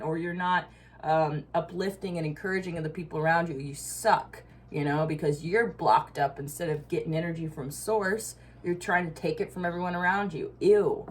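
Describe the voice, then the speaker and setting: Low-voiced, blunt, swearing woman. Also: steady tone, normal speed. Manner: blunt, profane, frequent asides and laughs. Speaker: tarot reader. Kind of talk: casual collective tarot reading.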